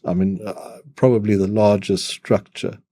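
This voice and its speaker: A man as a podcast guest, talking in measured phrases and often repeating words as he starts them. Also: on the low side, level tone, mellow, no room sound, studio quality. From South Africa. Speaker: guest analyst. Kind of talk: podcast interview.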